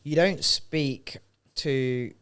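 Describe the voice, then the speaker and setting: Bloke on a podcast, laid back and thoughtful, trails off a lot. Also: male voice, mid-range voice, drawn-out words, fairly bright tone, clear, resonant tone. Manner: reflective, trailing off, restarts. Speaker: podcast co-host. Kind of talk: casual podcast chat.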